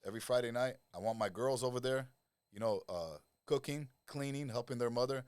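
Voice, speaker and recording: A middle-aged man, a lifestyle coach talking as a podcast guest, who tells animated stories, swears freely and acts out the people he quotes. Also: mid-range voice, fairly quick, clean tone, dry recording. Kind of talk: casual podcast conversation.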